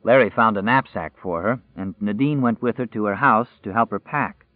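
A man narrating a novel in a measured, even storyteller's voice, pitched a little low. The sound is dead dry. It has a narrow, tinny band like a phone line. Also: no room sound. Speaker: audiobook narrator.

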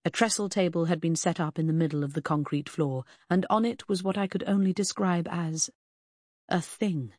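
A woman narrating a novel in the first person, in a measured reading that slows on grim details. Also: on the low side, steady tone, a little mellow, no room sound, studio quality. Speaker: audiobook narrator.

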